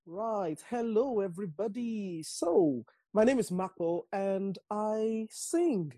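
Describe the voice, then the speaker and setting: A man's voice: sits high, expressive, slow pace, mellow, dry recording. A man from Nigeria with a Nigerian accent, a singer chatting as a guest in an easygoing way with frequent restarts. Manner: easygoing, chuckling, restarts often. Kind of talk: casual interview chat.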